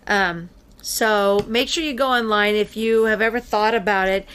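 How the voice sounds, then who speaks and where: A woman hosting a casual podcast, chatty with many fillers and quick laughs. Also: medium pitch, fairly bright tone, clean tone. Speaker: podcast host.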